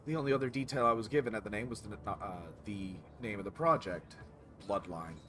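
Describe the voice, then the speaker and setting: A man voicing a nervous female corporate executive with a put-on German accent, speaking in a measured, grave way. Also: fairly low pitch, pushed and bright, soft background music. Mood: composed. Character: nervous middle-aged woman corporate executive.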